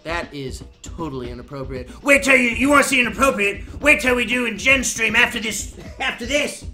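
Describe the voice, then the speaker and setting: A man live-streaming to his chat in a crude, rambling, excitable way, swearing freely. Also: very high voice, fairly quick, few pauses. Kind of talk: casual live-stream chatter to viewers. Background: game music.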